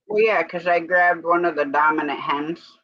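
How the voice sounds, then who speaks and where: A woman's voice: low-pitched, fairly even intonation, moderate pace, dry recording. A woman co-hosting a live stream in a casual, rambling chat, breaking off now and then to give commands to her dog. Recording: dull lo-fi stream audio.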